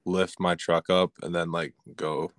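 A man's voice: sits low, little pitch movement, a little slow, a bit bright, dry recording. A man on a casual podcast, talking in a laid-back, slangy way. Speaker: podcast regular.

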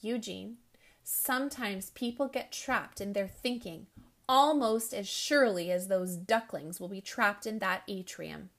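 A woman voicing a kind, calm male school principal who speaks quietly and patiently in a storybook reading. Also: fairly high pitch, takes it slowly. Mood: soothing.

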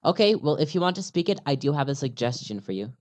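A man's voice: a little high, big pitch swings, fast, a little mellow. A man with an American accent, an interview guest in casual conversation, upbeat and repeating phrases to help a learner follow. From United States.

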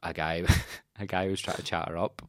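A young man with a Northern Irish accent tells sweary stories in a laid-back podcast chat. His voice sits very low. The sound is dry and close. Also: flat delivery, moderate pace, a bit bright, no echo. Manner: swearing, storytelling, laughing. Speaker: podcast host and coach.

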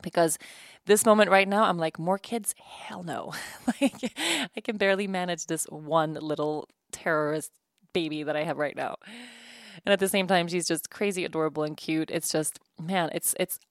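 A woman's voice: fairly low pitch, fairly even intonation, moderate pace, no echo, studio quality. A woman in her thirties hosting her own podcast from home, talking candidly and casually, laughing often and restarting her sentences. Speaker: podcast host. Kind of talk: casual solo podcast chat.

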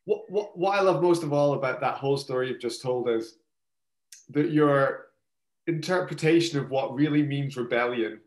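A man's voice: mid-range voice, normal speed. A man chatting casually as a podcast co-host, dry and teasing in an understated way. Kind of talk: casual chat. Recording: echoey room.

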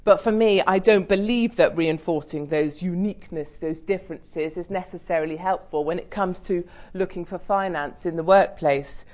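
A middle-aged British woman speaking on a business panel, blunt and humorous, growing more animated as she urges the audience on. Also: fairly low pitch, normal speed, hardly any pauses. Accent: British English. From United Kingdom. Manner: blunt, energetic, humorous, mildly swearing. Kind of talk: lively panel talk to an audience.

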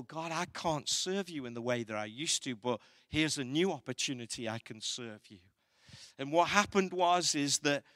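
A man's voice: a little high, a bit bright. A pastor delivers a sermon in a slightly raised voice, driving his points home with emphatic repetition. The sound is dry and close, with no room echo. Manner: preaching with rising intensity, emphatic repetition.

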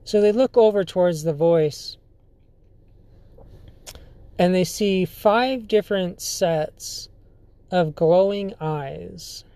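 A podcast host spins a story in an unhurried, halting way, leaning on fillers and restarting sentences. The tone is mellow and dark. The sound is dry and close, with no room around it. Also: medium pitch, smooth, no echo. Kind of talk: casual storytelling.

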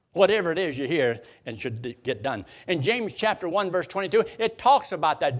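A man's voice: sits high, big pitch swings, fairly quick, hardly any pauses, a bit bright. A man preaching a sermon, quoting scripture in old-style wording and repeating phrases for emphasis.

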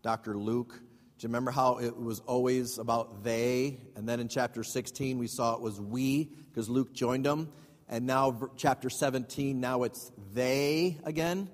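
A man's voice: medium pitch, steady tone, normal speed. A male pastor teaching a Bible study sermon. He reads scripture aloud and then explains it in casual asides with questions to the congregation. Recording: long hall reverb.

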